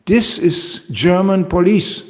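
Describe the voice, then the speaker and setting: A man's voice: high voice, expressive, slow pace, a little mellow. A man voicing an indignant, flustered young male policeman in a lecture hall with a long echo. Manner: indignant, insistent.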